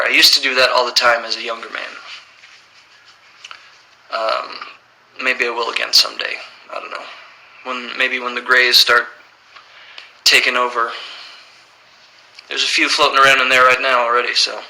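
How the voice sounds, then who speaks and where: A man's voice: medium pitch, vocal fry, rough recording. A man in his thirties casually reading out fan questions on a livestream and answering them plainly. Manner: relaxed, reads questions aloud then answers plainly.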